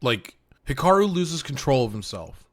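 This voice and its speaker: A man's voice: medium pitch, very animated, moderate pace. A man co-hosting a podcast, making his case in an earnest, argumentative way. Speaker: podcast co-host. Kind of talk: casual discussion.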